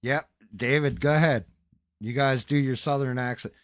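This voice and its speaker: Casual male stream host, profane and joking, mid-pitched voice, dry close-miked sound. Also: fairly even intonation, moderate pace, dry recording. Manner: loose, profane banter with the live chat. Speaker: podcast host. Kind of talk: casual livestream chat.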